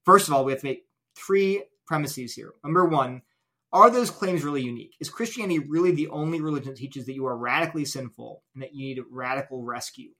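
A man's voice: medium pitch, fast, sharp tone. A man as an interview guest, earnestly explaining an argument step by step with illustrations. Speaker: guest apologist.

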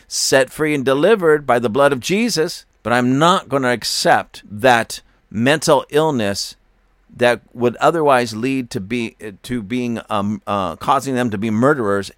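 A man's voice: medium pitch, a bit bright, dry recording, clean studio sound. An older man hosting a religious opinion commentary show, speaking in a fervent, preachy way with repeated emphatic phrases. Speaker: host.

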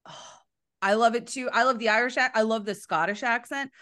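A woman hosting a casual interview, effusive and animated, gushing often as she chats with her guest. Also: a little high. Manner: effusive, animated, quick to gush. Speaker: host.

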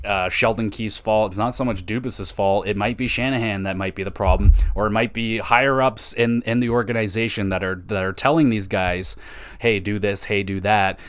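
A young man hosting a hockey podcast, ranting in a frustrated, profane and mocking way. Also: lowish voice. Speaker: podcast host.

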